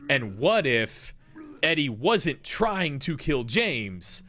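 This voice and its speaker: Bright-voiced man rambling about game lore. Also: a little high, big pitch swings, slow pace. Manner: rambling, filler-heavy, jokey asides. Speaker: game streamer. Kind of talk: live-stream lore commentary.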